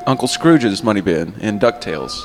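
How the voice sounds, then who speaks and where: A man's voice: on the low side, animated, moderate pace, long reverb tail, faint music behind, voice pushed down, close to an everyday voice. A man playing a boastful, crude fake-medieval lord who speaks in mock archaic English and barks orders.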